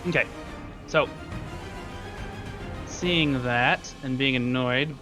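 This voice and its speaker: A man playing a tabletop game, upbeat and giggly, thinking out loud. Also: mid-range voice, drawn-out words, over music. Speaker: player.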